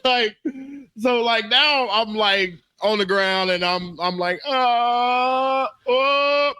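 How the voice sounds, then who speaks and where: A man co-hosting a comedy podcast, telling a story in an animated, laughing way and acting out his own panicked voice. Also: sits high, slow pace, smooth, no echo. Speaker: podcast co-host.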